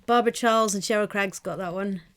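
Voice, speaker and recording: A woman's voice: medium pitch, quick pace, noisy background. An English woman co-hosting a comic chat show, reading quiz clues aloud and laughing easily. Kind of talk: playful live show banter.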